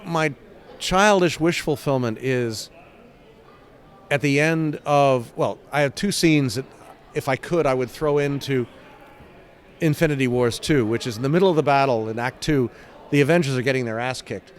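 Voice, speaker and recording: An older man from England, a comic book writer being interviewed, telling stories with lively sound effects and acted-out quotes. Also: medium pitch, moderate pace. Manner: animated, acts out scenes with sound effects and quoted voices. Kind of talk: casual interview storytelling.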